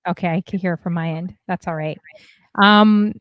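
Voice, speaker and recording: Woman host on a stream, lowish voice, chatty shout-outs, dead dry mic. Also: steady tone, normal speed, no echo, lo-fi sound. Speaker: stream talk show host. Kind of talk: casual livestream chat.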